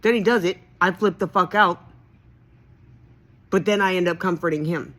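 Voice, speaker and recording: A woman's voice: moderate pace, a bit bright. A woman venting in a heated, profane, emphatic monologue to her viewers. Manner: heated, profane and emphatic, with sudden pitch swings. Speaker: vlogger.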